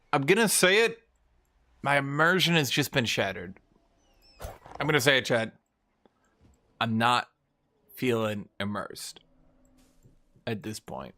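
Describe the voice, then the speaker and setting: Young male streamer, unhurried casual commentary, wry and animated. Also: fairly high pitch. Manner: talks to chat, wry, exclaims and trails off. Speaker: game streamer.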